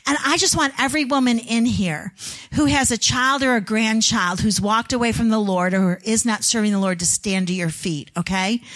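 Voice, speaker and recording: Middle-aged woman speaker, high-pitched, earnest story-driven testimony for a women's event. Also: fairly bright tone. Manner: earnest storytelling, voices family members in quotes. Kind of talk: testimony sermon with prayer. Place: indoor gathering of women.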